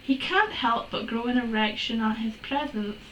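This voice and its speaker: A woman's voice: on the high side, normal speed, a bit bright, dull audio. A woman reading a story aloud for laughs, breaking off with exasperated, sarcastic asides and swearing. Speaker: fanfiction reader. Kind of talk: comedic dramatic reading with commentary. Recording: roomy room, distant from mic, faint hiss.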